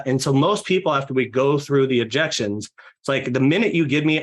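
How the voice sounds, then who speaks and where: A man guest on a podcast, talking fast and with energy about leading a sales team, often acting out how clients talk. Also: on the high side. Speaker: real estate team leader guest.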